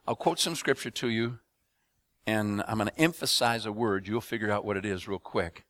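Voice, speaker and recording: A man preaching a sermon to a congregation, asking them to respond and building up rhythmic repeated phrases into loud emphatic bursts. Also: on the low side, moderate pace. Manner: addresses congregation with call-and-response questions.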